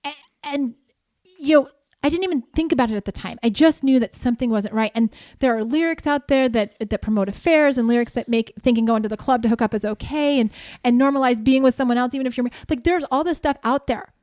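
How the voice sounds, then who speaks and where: Middle-aged woman cohosting a podcast, candid and chatty, kinda high voice, dry close sound. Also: quick pace, no echo. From Southern California. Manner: candid, animated storytelling. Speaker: podcast co-host. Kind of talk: casual chat.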